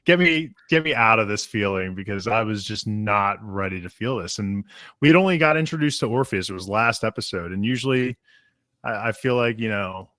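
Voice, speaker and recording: A man in his thirties with a lowish voice chats casually on a podcast. He rambles and gets emotional, openly teasing himself. The sound is dry and close, with no room around it. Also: expressive, a little fast, a bit bright, dry recording. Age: 30s. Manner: emotional, rambling, self-deprecating. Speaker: podcast co-host. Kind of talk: casual chat.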